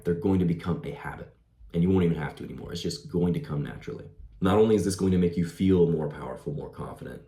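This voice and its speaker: Young male vlogger, low mellow voice, laid-back "bro" delivery, echoey room. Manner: laid-back, says "bro" and "like", laughs easily. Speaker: self-improvement vlogger. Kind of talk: casual advice monologue. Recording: roomy echo.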